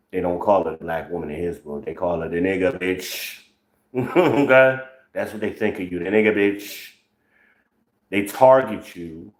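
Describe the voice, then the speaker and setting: A man in his forties from the northern United States hosts his own channel, offering blunt, profane, sarcastic social commentary. His voice sits low. The recording is low quality, with an echoey room.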